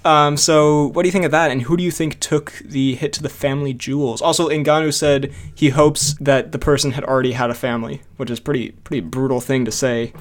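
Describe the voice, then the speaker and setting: A man's voice: medium pitch, fairly even intonation, fairly quick, few pauses. A man co-hosting a casual podcast chat, joking and laughing often. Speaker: podcast co-host.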